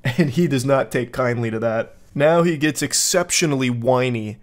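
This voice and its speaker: A man's voice: medium pitch, moderate pace. A man giving sarcastic, exasperated commentary while reading out text messages, often breaking into laughter.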